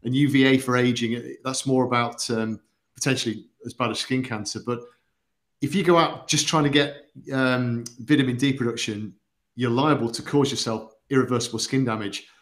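On a company livestream, a male product expert explains supplements in an earnest, methodical way, with occasional fillers in the casual chat. His mid-range voice holds a steady tone at a moderate pace.

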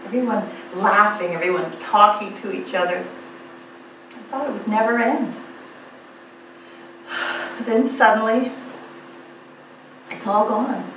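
A woman's voice: mid-range voice, slow pace, natural voice. A woman playing a weepy, sentimental divorcee in an amateur stage comedy, with dramatic sighs. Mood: wistful. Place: theatre stage. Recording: echoey hall, stage mic far off, faint hum.

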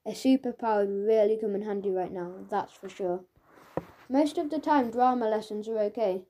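Mellow woman narrating a children's story. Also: mid-range voice, moderate pace. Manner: lively, playful storytelling. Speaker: audiobook narrator. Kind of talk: scripted first-person audiobook narration.

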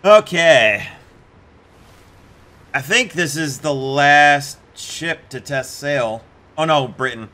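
Male game host, casual chatty commentary, bright edge to the voice. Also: fairly high pitch, lively intonation, takes it slowly, pauses often. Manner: chatty, amused, puts on mock accents for jokes. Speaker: gameplay video host.

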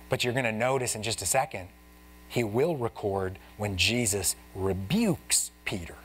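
A man's voice: lowish voice, moderate pace, slight background noise. A man preaching as a pastor in a church, teaching in a casual, chatty way, talking to the congregation like friends and acting out Bible scenes. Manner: acts out the Bible characters in lively voices. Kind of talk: expository sermon. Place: church sanctuary.

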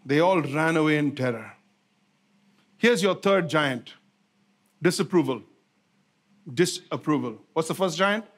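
High-voiced preaching man. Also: expressive, measured pace, long pauses. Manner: repetitive, rhetorical questions to the congregation. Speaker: pastor. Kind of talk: sermon.

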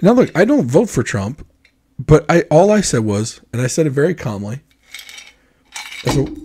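An American co-host on a podcast talks casually at normal speed, his medium-pitched voice carrying a breathy edge and frequent pauses. He's a lively storyteller who performs others' reactions.

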